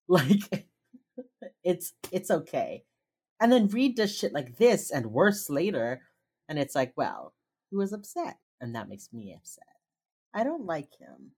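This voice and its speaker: A woman's voice: low voice, slightly rough. A woman chatting casually as a co-host, recapping a TV episode and acting out the characters' lines. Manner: animated, acts out characters' lines in put-on voices. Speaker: podcast co-host. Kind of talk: casual chat recapping a TV show.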